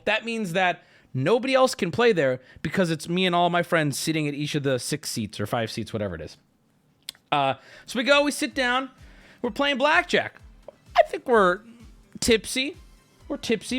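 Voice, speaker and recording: A man in his thirties, a streamer casually telling a story to his live chat, swearing and joking as he goes. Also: high-pitched. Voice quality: animated, swearing, jokey.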